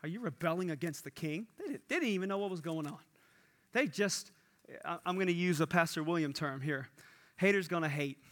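A man preaching a sermon in an animated way, acting out the lines he quotes. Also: on the high side, a little fast. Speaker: pastor.

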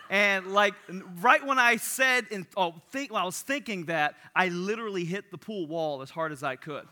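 A man's voice: high voice, moderate pace, few pauses, pushed and bright. A young man who is a youth pastor, opening a church service with a self-mocking, humorous story before moving into a sermon.

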